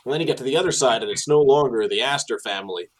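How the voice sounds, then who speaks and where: A man, working as a tour guide, telling animated stories in casual chat with many fillers and restarts. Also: very fast, low-quality recording. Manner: animated storyteller, many fillers and restarts, drops low for asides.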